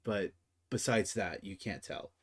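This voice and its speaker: A man's voice: low voice, a little slow. A man running a tabletop game as game master, narrating casually with swearing and lots of fillers. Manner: casual and profane, with many fillers.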